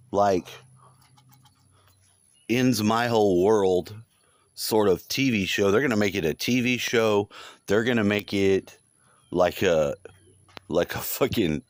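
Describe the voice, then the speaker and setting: With no echo on the recording, a man with a fairly low voice tells a lengthy dream in a vlog. He rambles casually, swears a lot, and keeps repeating himself.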